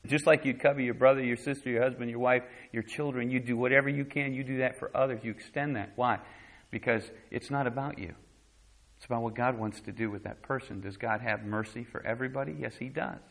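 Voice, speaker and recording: A man's voice: mid-range voice, steady tone, fairly quick, a bit bright, rough recording. A man preaching a sermon as pastor, talking conversationally and voicing quotes dramatically.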